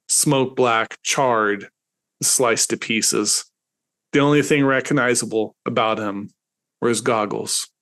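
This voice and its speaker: A man, host and author, reading his satirical short story aloud with dramatic swings. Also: a bit bright. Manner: dramatic, swings into high pitch at comic peaks.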